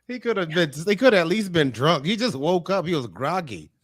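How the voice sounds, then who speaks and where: A man co-hosting a comedy podcast, making wry, laid-back remarks in casual chat. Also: on the high side. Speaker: podcast co-host.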